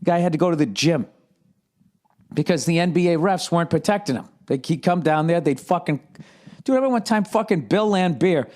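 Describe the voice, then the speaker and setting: A middle-aged male comedian riffs alone, swearing freely and bouncing between mockery and disbelief. His voice sits a touch high for a man, and it jumps even higher when he mimics people. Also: fairly quick. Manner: profane, animated, mocking. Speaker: comedian and podcast host. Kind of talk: casual rant.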